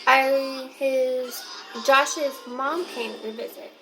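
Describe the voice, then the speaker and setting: High-voiced young woman telling her story. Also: extremely slow, poor audio. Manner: chatty, talks straight to viewers. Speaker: vlogger. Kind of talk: personal storytelling to camera. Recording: clear steady background noise.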